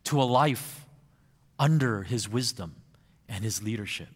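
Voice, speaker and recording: A man, a pastor, preaching a sermon, who slows right down and draws out key phrases for emphasis. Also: medium pitch, lively intonation, big-room sound.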